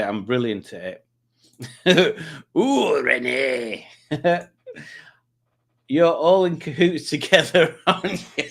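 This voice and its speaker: A man's voice: medium pitch, a bit bright. A man hosting a casual livestream, chatting and joking while he reads viewer comments aloud. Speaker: livestream host.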